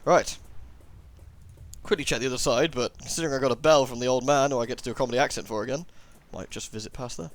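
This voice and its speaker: A man's voice: mid-range voice, quick pace. A young man giving casual, jokey commentary while playing a game, often muttering asides. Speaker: let's play gamer.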